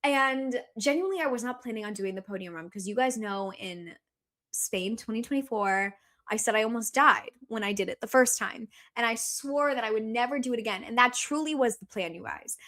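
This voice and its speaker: A young woman tells a story as a guest in a casual podcast chat. Her voice is bright and sits a little high. She talks in a loose, profane way and fills her sentences with "like" and "okay.". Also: fairly quick. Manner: chatty and profane, full of "like" and "okay".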